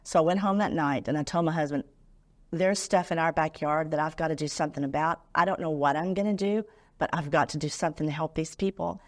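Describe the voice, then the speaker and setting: A woman's voice: sits low, fast. A middle-aged woman, a nonprofit founder telling her story as a guest on a talk show and acting out the voices she quotes.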